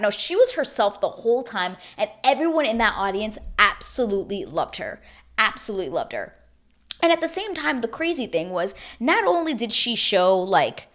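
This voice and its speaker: A woman hosting a casual reality-TV recap, animated and opinionated, swearing freely. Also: mid-range voice, moderate pace. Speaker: TV recap host.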